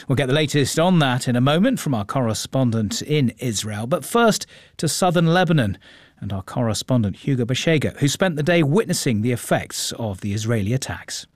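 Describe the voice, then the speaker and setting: A man presenting a radio news programme from a studio in a measured, clear manner. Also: medium pitch, animated, dry recording. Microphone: studio microphone.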